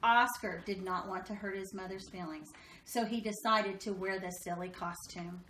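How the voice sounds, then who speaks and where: A woman reading a children's picture book aloud, expressive and slowing down for dramatic moments. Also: mid-range voice, slight background noise. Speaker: storybook reader. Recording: echoey room.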